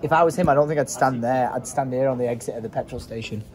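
A chatty British man hosting a travel vlog, laughing often and excited as he talks. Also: mid-range voice, fast talker. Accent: British English. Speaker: vlogger host. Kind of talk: casual travel vlog chat. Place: road trip, petrol station. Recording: crowd noise behind.

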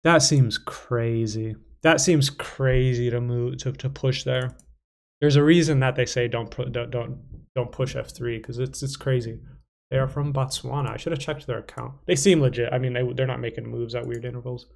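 A young chess streamer mutters to himself while playing online, thinking aloud casually with playful asides. His voice is medium-pitched, fairly even and brisk, a little mellow, with vocal fry.

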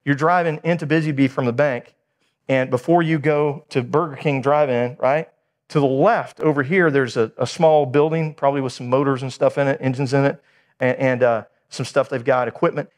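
Man preaching with animated storytelling. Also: mid-range voice, moderate pace. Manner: animated storytelling, acting out dialogue. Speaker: pastor. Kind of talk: sermon.

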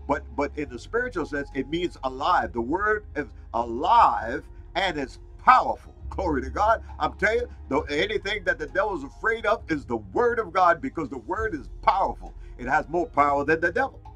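Fired-up male preacher, bright and husky, keeps shouting out praise between points; faint music underneath. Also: fairly high pitch, animated, normal speed, hardly any pauses, poor audio. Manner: exclaims "Glory to God" and "Hallelujah" often; fired up, repeats phrases for emphasis. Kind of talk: fiery Pentecostal sermon.

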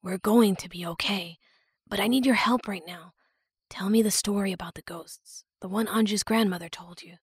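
A woman voicing a calm, protective young male hero in an audiobook, soft and steady. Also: medium pitch, normal speed, husky, no echo, clean studio sound. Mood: soft, urgent.

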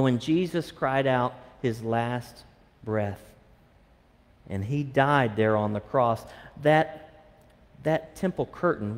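A man's voice: mid-range voice, a little mellow. A man preaching a sermon as pastor, reading scripture and explaining it with fillers and restarts. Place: church sanctuary. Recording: long church hall reverb.

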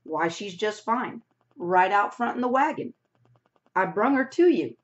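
A woman reading aloud voices a rough, boastful middle-aged farmer uncle with a folksy drawl who keeps adding "eh?" to his lines. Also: medium pitch, lively intonation, measured pace, lightly acted. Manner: folksy drawl, tags "eh?" onto lines, hearty then shifty. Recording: dull lo-fi recording.

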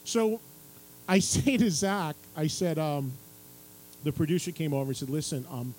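A middle-aged man telling an animated anecdote to a live audience at a book signing, acting out other people's lines and laughing as he goes. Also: on the high side, measured pace, rough recording. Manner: lively storyteller who acts out other people's lines and laughs through the tale. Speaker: radio and TV music host telling a story at a book signing. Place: radio station stage at a public event.

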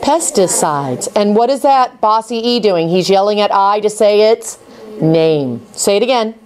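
A woman teaching young readers in a classroom. Her voice sits at a middle pitch, and she keeps up a steady stream of encouraging praise and quick prompts. She sounds like an experienced teacher running a phonics drill. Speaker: reading teacher.

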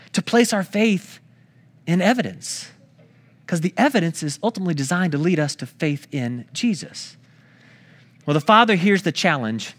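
A man's voice: on the high side, a bit bright. A man preaching a sermon, talking through a scripture story in a conversational way, with storytelling asides to the congregation. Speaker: pastor.

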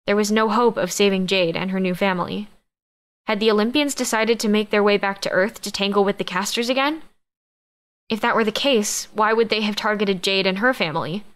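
A woman reads first-person narration in a mid-range voice. Her delivery stays even and measured throughout. It sounds like a scripted audiobook narration. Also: medium pitch.

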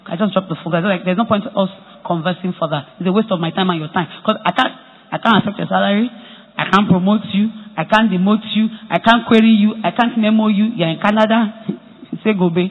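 A man with a Nigerian accent giving a motivational talk at a conference, telling stories with animated repetition for emphasis. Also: high voice, fast talker. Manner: animated storytelling, repeats phrases for emphasis. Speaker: conference speaker. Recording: echoey hall, tinny phone-like sound.

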